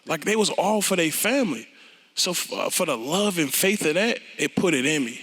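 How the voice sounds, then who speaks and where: A man, a rapper telling his story onstage in a blunt, profane and animated way. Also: fairly high pitch, moderate pace, big-room sound. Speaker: interview guest, rapper. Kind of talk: candid onstage conversation.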